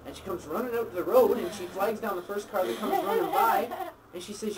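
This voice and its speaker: A man's voice: high voice, brisk, background noise. A man telling crude jokes to friends and acting out the voices.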